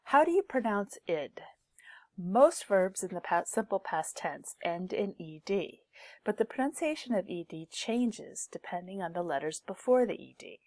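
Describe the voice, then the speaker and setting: A woman teaching a pronunciation lesson, speaking slowly and deliberately and saying each example word twice so learners can copy it. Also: medium pitch, big pitch swings, a little mellow, no echo, studio quality. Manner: slow, deliberate, repeats each word twice to model sounds. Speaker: English teacher.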